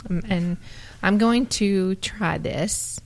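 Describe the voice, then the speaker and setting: A woman's voice: mid-range voice, slow. Giggly, enthusiastic woman co-host. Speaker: co-host of a paranormal radio show. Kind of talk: casual banter.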